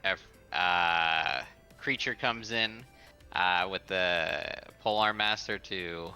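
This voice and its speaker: A man's voice: sits low, sharp tone, clean tone, dull audio, soft background music. A man playing a tabletop game who explains his moves hesitantly, with many filler words. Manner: slow, hesitant, filler-heavy. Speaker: player.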